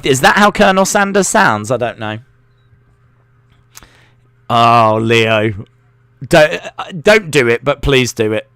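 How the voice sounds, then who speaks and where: A man's voice: medium pitch, lively intonation, slow, long pauses, a bit bright, smooth, no room sound. A man hosting a live wrestling watch-along, chatty and jokey, reacting aloud as he goes. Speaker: live stream host.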